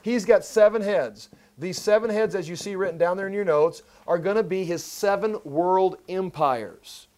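A man's voice: high-pitched, moderate pace, few pauses, darkish tone. A man teaching a Bible study sermon, emphatic, repeating key phrases and often restarting mid-sentence.

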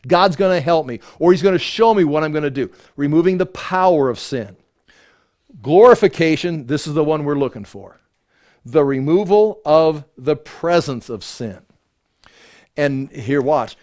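Older man, preacher, casual sermon, slightly high voice, frequent restarts, mock whiny asides. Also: lively intonation, moderate pace, a little mellow. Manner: dramatizes with mock self-pitying voices.

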